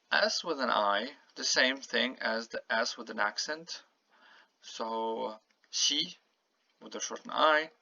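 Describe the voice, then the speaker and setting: A man teaching a casual language lesson, slowly and patiently modelling each word and repeating it for the learner. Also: mid-range voice, gravelly, bright, forceful tone, dry recording. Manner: slow, patient, repeats words to model pronunciation. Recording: dull lo-fi home recording.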